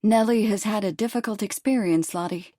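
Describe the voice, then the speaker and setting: A woman voicing a composed, direct Victorian noblewoman who speaks quietly and evenly. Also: medium pitch, natural voice. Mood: calm. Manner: quiet and measured. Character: composed aristocratic Victorian lady, calm and direct.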